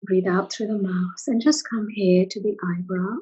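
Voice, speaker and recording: Soothing and lavish with praise, a woman gives calm step-by-step prompts while coaching a tapping session over a video call. Her mid-range voice is slightly rough and her pace moderate, captured in a rough recording.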